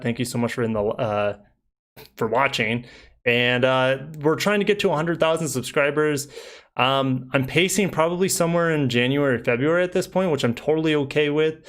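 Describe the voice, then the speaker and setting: A young man hosting a casual live stream as a car reviewer, rambling easily through viewer comments with many fillers. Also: mid-range voice. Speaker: car reviewer and channel host.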